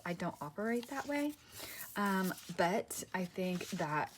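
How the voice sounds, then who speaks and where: Rambling, chatty woman with a low voice. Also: a little hiss or hum. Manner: rambling, self-interrupting, laughs often. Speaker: crafting vlogger. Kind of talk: casual chat while crafting.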